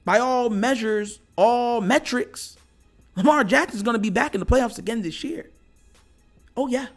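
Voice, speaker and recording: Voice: medium pitch, a little slow, soft background music. A sports show host ranting casually as a fan, with slangy trash talk and frequent laughter between lines.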